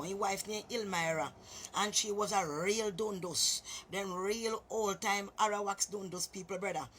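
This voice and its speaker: A woman's voice: medium pitch, a bit bright, slight background noise. A woman with a Jamaican accent telling a story casually to her viewers, chatty and often calling listeners "boy" or "master".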